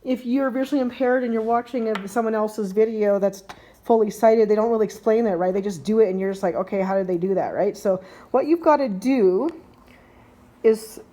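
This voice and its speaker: Her voice is fairly high with a dark tone, and she talks at a normal speed. As a tech vlogger doing a casual how-to unboxing at home, she rambles chattily through a hands-on gadget demo, often correcting herself step by step, recorded on a handheld camera mic.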